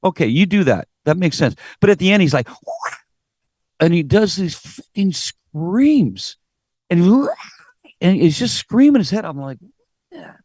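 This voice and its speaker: A middle-aged Canadian man with a Canadian accent, a singer guest in a casual interview, telling animated stories, acting out quotes and swearing casually. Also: high voice, measured pace, pauses often, no room sound, clean studio sound.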